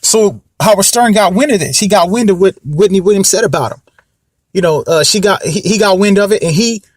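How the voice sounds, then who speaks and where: Young man, podcast host, high-pitched, repetitive, rambling, casual commentary. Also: fairly quick, no echo, clean studio sound. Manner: rambling, repeats himself, keeps saying you know what I mean.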